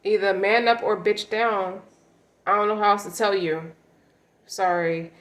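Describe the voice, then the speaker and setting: A woman's voice: medium pitch, steady tone, measured pace, a bit bright, roomy sound, low-quality recording. A woman giving a casual tarot reading, talking in a blunt, slangy, emphatic way. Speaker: tarot reader.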